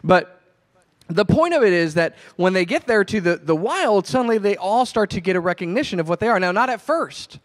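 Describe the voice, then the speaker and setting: Man, pastor, sermon, chatty storyteller, somewhat high voice. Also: brisk. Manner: conversational storytelling, animated retelling.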